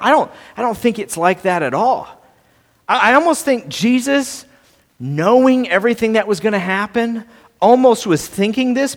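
A man preaching a sermon, earnest, restarting and repeating words and swinging between soft and loud. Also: high voice, in a large hall. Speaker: pastor.

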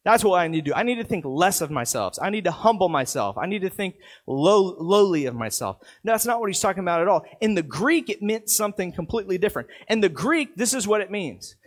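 A man's voice: high voice, sing-song, fairly quick, few pauses. A man in his thirties preaching a sermon in an earnest, conversational way, with a lot of repetition. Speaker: pastor.

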